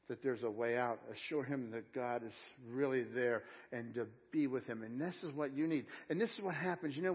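Man preaching a lively, conversational sermon. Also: fairly high pitch, dull audio. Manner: conversational preaching, swings from hushed to excited. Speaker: pastor. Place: church service.

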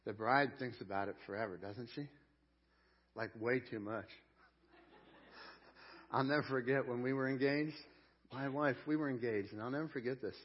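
A male pastor preaching a sermon, repeating key phrases and swinging between loud proclamation and hushed storytelling. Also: medium pitch, husky, lo-fi sound.

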